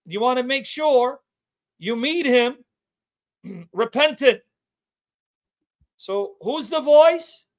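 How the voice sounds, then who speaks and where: Male livestream host, very high pitch, emphatic scripture teacher who repeats his points. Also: expressive. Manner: emphatic, repeats key words to drive the point home; reads scripture aloud with slow stressed delivery.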